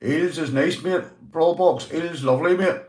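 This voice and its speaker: With a voice on the high side and a darkish tone, a Northern Irish man hosts a casual livestream at a moderate pace. He goes through comments, swears and calls viewers mate, all in an echoey room.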